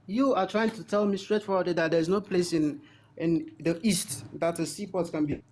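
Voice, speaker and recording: A man's voice: sits high, normal speed, a little mellow. A man with a Nigerian accent calling into a podcast debate, hesitant and full of fillers. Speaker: caller. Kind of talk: live call-in debate.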